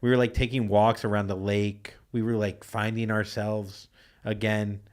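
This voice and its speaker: Young male podcast host, low-pitched, casual rambling storyteller, lots of filler. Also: flat delivery, moderate pace, darkish tone. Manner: laid-back, frequent "like" and laughing asides.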